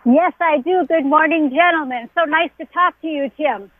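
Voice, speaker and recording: An excitable, chatty woman calls in over a tinny phone line. Her voice sits high. The sound is dry and close. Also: normal speed, no room sound. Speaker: caller. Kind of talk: casual call-in chat.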